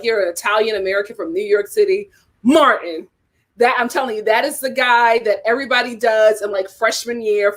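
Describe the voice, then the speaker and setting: A woman hosting a casual, animated chat about reality TV, laughing often. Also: a little high. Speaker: host.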